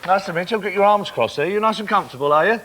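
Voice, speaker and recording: A man's voice: high-pitched, lively intonation, rapid-fire, some chatter behind. A man hosting a comic interview with a child on television, teasing and playful. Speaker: host. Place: TV studio with audience. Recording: loud studio audience and noise.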